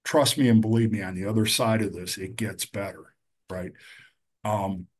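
A middle-aged man, a recovery counselor, talking earnestly and with feeling, with some halting fillers. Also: on the low side, steady tone, slight background noise. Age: middle-aged or older. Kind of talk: conversational storytelling.

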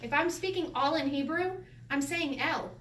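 A woman's voice: high-pitched, normal speed. A woman teaching a Bible Hebrew class in an easygoing way, laughing often and asking her listeners questions. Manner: lively, laughs often, explains with rhetorical questions. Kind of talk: informal Bible class lesson. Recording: roomy echo from a distance, faint background noise.

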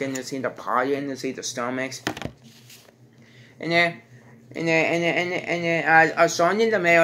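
A man reviews a movie in a casual, rambling way, halting and restarting sentences and linking his thoughts with "and then." His pitch is fairly high and his tone sharp.

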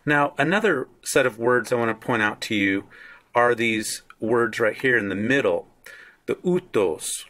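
A man walks through a Greek verse on screen at an unhurried pace. His voice sits at an ordinary middle pitch. He lingers on single words to stress them, like a patient teacher. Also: fairly bright tone. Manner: slow, deliberate, explaining word by word. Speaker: Bible scholar teaching Greek. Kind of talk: screen-share Greek lesson.

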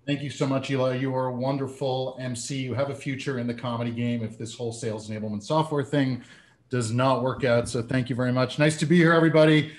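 A man's voice: medium pitch, fairly even intonation, fast talker. A man from Canada, a comedian and sales speaker, giving a conference talk with a polished, joke-telling delivery.

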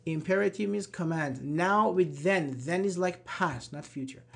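Slow-paced online English teacher. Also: mid-range voice, gravelly. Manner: slow, repeats examples, apologizes and laughs at own slips. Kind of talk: live-streamed grammar lesson reading chat.

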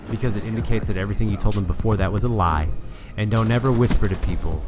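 A man's voice: fairly low pitch, fast. A man giving casual, emphatic advice as a gaming commentary host, with frequent restarts. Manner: conversational, emphatic, preachy advice with repeated restarts. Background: music playing under the voice.

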